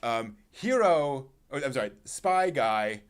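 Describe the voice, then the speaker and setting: A man's voice: medium pitch, slow pace, clear, resonant tone. A man hosting a casual anime discussion podcast, retelling a scene with lots of fillers and acting out the characters' lines. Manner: animated storyteller, acts out quotes. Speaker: podcast host.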